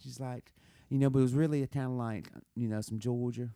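A man's voice: mid-range voice, fairly even intonation, brisk, creaky, warm tone. A man with a Southern US accent co-hosting a casual podcast chat, laughing often and tripping over restarts as he talks. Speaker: podcast co-host.

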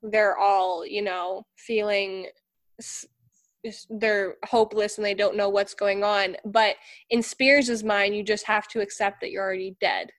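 A woman's voice: medium pitch, steady tone, unhurried. A woman co-hosting a casual chat, hesitant and full of fillers as she compares scenes. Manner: chatty, hesitant, filler-heavy. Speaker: podcast co-host.

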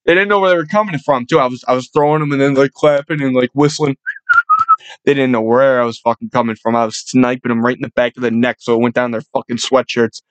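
A man's voice: mid-range voice, steady tone, fast, no room sound. A young man hosting a casual sports chat, rambling and swearing freely. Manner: profane, rowdy, rambling. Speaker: sports podcast host.

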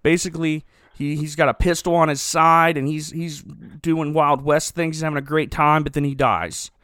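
A man's voice: on the high side, steady tone, moderate pace, fairly bright tone, clear, resonant tone, no room sound, studio quality. A man hosting a comedy podcast, retelling a movie plot in a rambling, sarcastic way and often correcting himself.

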